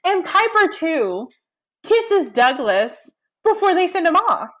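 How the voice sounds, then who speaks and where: A woman's voice: very high-pitched, very animated, slow, fairly bright tone. A woman co-hosting a podcast, recapping a book in casual chat with indignant asides. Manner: chatty, indignant asides, retells scenes with quoted lines. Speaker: podcast co-host.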